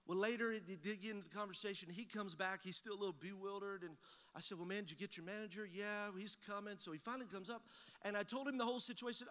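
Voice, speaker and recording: This man's voice is high-pitched and a little bright, and he speaks at a quick pace. Preaching as a pastor, he shares a homespun story from his own life, voicing each person in the exchange, with lengthy hall reverb on the recording.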